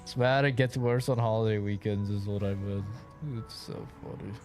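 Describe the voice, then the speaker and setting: A man's voice: fairly low pitch, steady tone, normal speed, a little mellow. A young man streaming a game, rambling in casual, profane commentary and laughing often. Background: game music.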